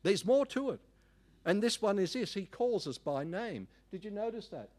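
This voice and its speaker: Animated preacher, fairly high voice. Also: male voice, moderate pace. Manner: animated, emphatic preacher with folksy asides. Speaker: pastor. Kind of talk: sermon.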